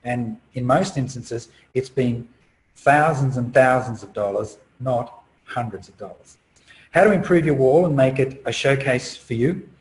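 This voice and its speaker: Chatty middle-aged man pitching a webinar offer. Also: a little slow, poor audio. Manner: chatty and persuasive, with rhetorical questions. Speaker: marketing coach hosting a webinar.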